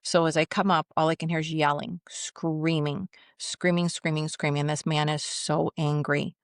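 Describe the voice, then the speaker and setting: A woman's voice: deep voice, little pitch movement, moderate pace, clear, resonant tone, no room sound, clean studio sound. A middle-aged woman, a retired police commander, telling vivid work stories on a podcast. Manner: vivid, anecdotal, acts out quoted voices. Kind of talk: conversational storytelling.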